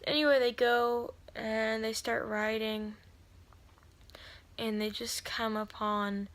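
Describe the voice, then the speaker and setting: A woman's voice: on the high side, little pitch movement, slow pace, fairly bright tone. A woman giving a casual spoken recap of a novel. She rambles, uses lots of fillers and corrects herself, and sometimes drops to a whisper for asides. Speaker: video creator summarizing a novel.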